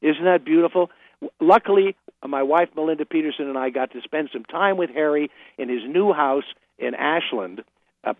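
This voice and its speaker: A man's voice: fairly high pitch, no room sound. An older man chatting as a radio guest, telling stories with laughs and restarts. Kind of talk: casual anecdotal interview. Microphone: phone. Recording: phone line.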